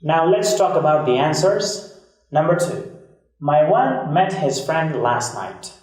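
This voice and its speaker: A man teaching an English grammar lesson, patiently explaining and repeating key words slowly. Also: a little high, sing-song, darkish tone. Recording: very echoey room, mic far off.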